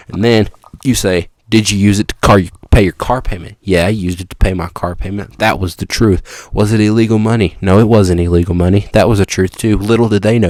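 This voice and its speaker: Low-voiced, excitable young man spinning a tale. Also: no echo. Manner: excitable and rambling, with sudden jumps in pitch and loudness. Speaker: podcast host. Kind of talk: improvised comic story told to the listener.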